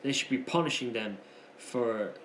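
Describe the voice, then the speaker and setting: An excitable man talking through wrestling matches in a loose, chatty recap, dropping slangy asides. His mid-pitched voice sounds roomy and echoey, with a faint hum underneath. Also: normal speed. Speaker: wrestling show reviewer. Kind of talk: casual recap commentary.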